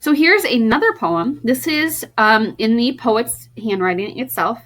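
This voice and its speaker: A woman teacher giving a recorded lesson to her students, playful and warm, reading poems aloud and explaining them. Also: on the high side, lively intonation, unhurried.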